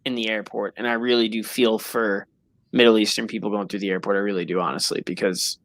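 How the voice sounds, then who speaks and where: A man's voice: fairly low pitch, quick pace, no room sound. A male host on a video call, dry and close with no room sound. He tells stories loosely and animatedly, laughing easily between lines. It is casual late-night sports chat. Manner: animated, laughs easily, swears in retold quotes. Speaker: show host.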